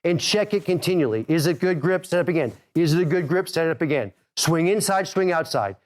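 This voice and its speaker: A middle-aged man coaching golfers in an energetic, direct way. He talks quickly, pushes his listeners, and checks in with "okay?" again and again. His voice sits high for a man. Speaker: golf instructor and podcast host.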